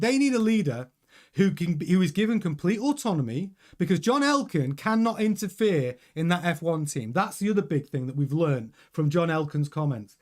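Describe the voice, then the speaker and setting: A man hosting a motorsport news show, giving emphatic, opinionated commentary straight to his viewers. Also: high voice. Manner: emphatic and animated, addressing viewers directly. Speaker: host of a motorsport news channel.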